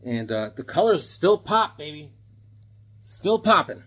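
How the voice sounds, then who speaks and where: An enthusiastic man in his seventies talks through his comic book haul in a loose, joking, rambling way. His voice is husky and a little high for a man, and it rises and falls a lot as he gets excited. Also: measured pace. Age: 70s. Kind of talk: casual haul video chat.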